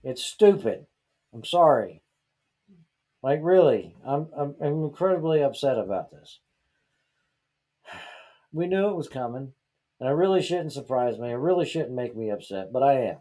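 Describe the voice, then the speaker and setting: A man's voice: medium pitch, very animated, a little slow, pauses often, dark tone. A man from Georgia hosting a podcast, ranting in a heated, exasperated way and firing off rhetorical questions in casual talk. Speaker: podcast host.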